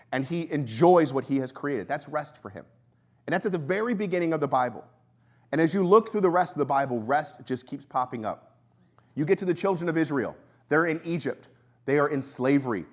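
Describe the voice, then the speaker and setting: Conversational young male pastor preaching. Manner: conversational, storytelling, voice drops low and quiet in anecdotes. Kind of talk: sermon. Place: church sanctuary.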